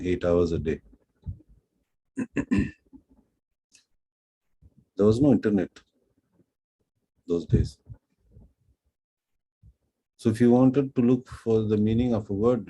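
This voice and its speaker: A middle-aged man from Pondicherry with an Indian accent, teaching French through an unhurried, self-deprecating storytelling lecture. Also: sits low, mellow, a little hiss or hum, poor audio. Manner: unhurried, self-deprecating, acts out quoted dialogue.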